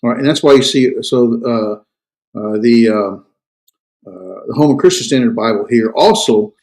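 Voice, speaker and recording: A man teaching a Greek class, explaining grammar in a halting lecture with many fillers and restarts. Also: mid-range voice, a little mellow. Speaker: Greek instructor.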